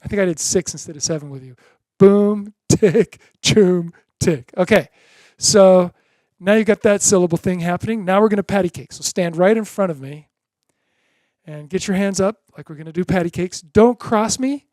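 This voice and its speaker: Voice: mid-range voice, a little fast, a little mellow, no room sound, studio quality. A drum teacher giving a beginner lesson in an encouraging way, chanting drum syllables in rhythm.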